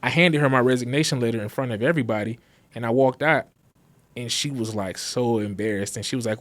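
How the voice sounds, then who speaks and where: His medium-pitched voice moves a little fast as he chats casually. The guest, a man in his thirties who designs graphics and founded a business, tells lively stories and voices the conversations he describes.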